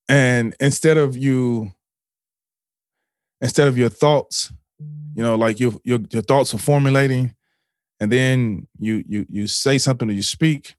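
A man's voice: medium pitch, dry recording, studio quality. A man as a podcast guest, telling a personal story in an earnest, emotional way, with swearing, fillers and frequent restarts.

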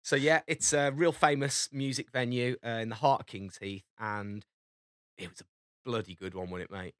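A man's voice: medium pitch, moderate pace, no room sound. A man in his forties, co-hosting a podcast in casual chat, telling stories with lots of laughter. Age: 40s. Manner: animated, laughing storyteller. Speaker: podcast co-host.

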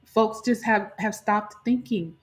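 A woman's voice: medium pitch, unhurried. A woman panelist speaking emphatically in a panel conversation, with a preacherly turn of phrase.

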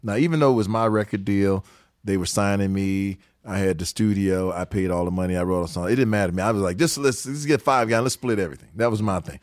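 A man's voice: deep voice, quick pace, smooth, dry recording, studio quality. An older man, a musician, telling stories in a casual interview, quoting people and laughing often. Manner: animated storyteller, quotes people, laughs often.

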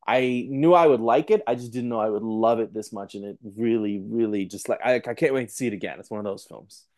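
Animated man chatting about films. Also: fairly low pitch. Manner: animated, quick, acts out what others say. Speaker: film critic guest. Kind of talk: casual podcast chat.

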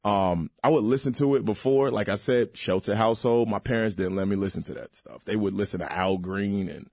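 A man with a low, gravelly voice chats as a comedy guest, loose and slangy, full of quick restarts. The studio sound is dry and close. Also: darkish tone, dry recording. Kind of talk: casual interview chat.

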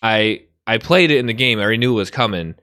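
A young man co-hosting a casual podcast chat, animated and laughing often as he goes off on tangents. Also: fairly low pitch, fast talker, no room sound, studio quality. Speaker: podcast co-host.

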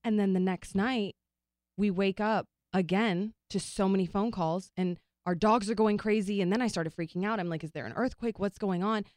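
A woman's voice: mid-range voice, normal speed, no echo. A woman telling a story in casual chat, acting out the quotes. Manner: animated storyteller, acts out quotes.

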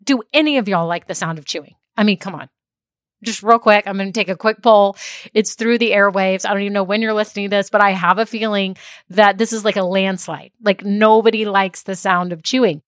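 A woman's voice: medium pitch, fairly even intonation, brisk, dry recording, studio quality. Chatty woman with a lilt. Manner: chatty, laughs often, goes off on tangents. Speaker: podcast host and business coach. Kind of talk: casual solo podcast talk.

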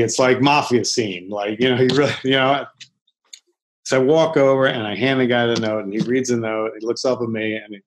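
A middle-aged chef from Philadelphia, in the United States, tells a story as a guest in a casual interview, his voice medium in pitch and the audio poor. He rambles, keeps restarting, swears freely, and acts out the quotes.

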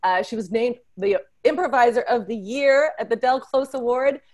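Bubbly, excitable woman podcast host. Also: a little high, normal speed. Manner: effusive, excitable, playful teasing. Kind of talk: podcast intro and panel moderating.

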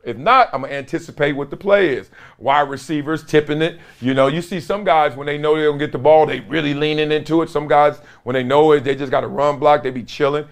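A man hosting a show, telling football stories in a casual, animated way, laughing often and acting out other people's lines in a raised voice. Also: a little high, a little fast, few pauses. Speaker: former NFL player and podcast host. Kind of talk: casual storytelling chat.

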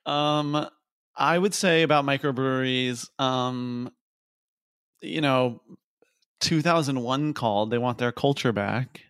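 A man's voice: medium pitch, slow pace, fairly bright tone, clean tone, dry recording, studio quality. A man co-hosting a comedy podcast, teasing the others playfully in casual chat.

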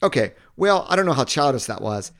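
A man's voice: medium pitch, sing-song, fairly quick, gravelly, a bit bright. A man hosting a casual walkthrough of a marketing tool, chatty and thinking aloud. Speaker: marketing video host. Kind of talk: casual screen-recording walkthrough.

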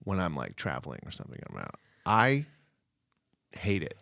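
A man talking through a show recap with a very lively, rising and falling voice, recorded close and dry. He is sarcastic and keeps pushing into mock outrage. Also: low voice, moderate pace, vocal fry, no room sound. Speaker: podcast co-host. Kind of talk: casual chat recapping a TV show.

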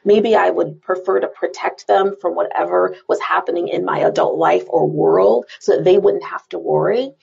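A woman's voice: lowish voice, fairly even intonation, normal speed, vocal fry, hardly any pauses, a little mellow, husky, muffled recording. A woman author, a guest on a podcast, telling a story in an earnest, reflective way.

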